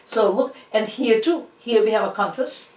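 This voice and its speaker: A woman with a Russian accent, a native Russian speaker, giving an informal art history lecture with many fillers and restarts. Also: fairly high pitch. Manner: halting, many fillers and restarts, animated asides. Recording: roomy echo, distant from the mic.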